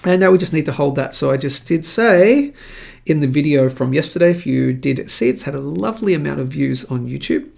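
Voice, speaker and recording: A man's voice: a little high, animated, fairly quick, creaky, darkish tone. A man with an Australian accent hosting a live market show, chatting in an upbeat, jokey way. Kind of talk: casual live-stream commentary.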